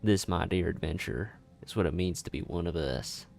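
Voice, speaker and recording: A man voicing a solemn male guildmaster of healing mages in a put-on general Southern US accent, reading game dialogue aloud with formal, measured delivery. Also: low-pitched, creaky, a little mellow, faint music behind, voice pushed down.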